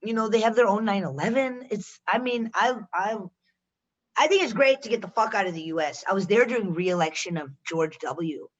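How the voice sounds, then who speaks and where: A woman from Chicago, a guest on a podcast, chatting casually with animated, swearing asides. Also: mid-range voice, a little fast, lo-fi sound.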